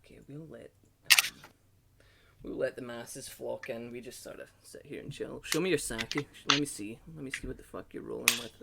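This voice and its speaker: A man's voice: medium pitch, fairly even intonation, moderate pace, vocal fry, noisy background. A Scottish man hosting a podcast in laid-back, casual chat and swearing freely. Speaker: podcast host.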